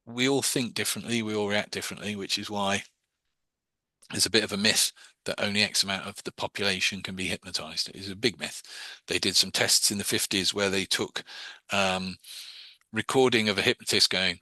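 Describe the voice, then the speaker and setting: A man teaching hypnosis in a casual online class, talking conversationally with quick asides over a video call. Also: lowish voice, steady tone, pushed and bright, dry recording.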